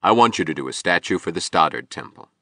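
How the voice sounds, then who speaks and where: A man reading an audiobook, voicing a resolute male architect who speaks clearly and carefully. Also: low voice, expressive, fast, bright, forceful tone, dry recording, clean studio sound, full character voice. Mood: steady.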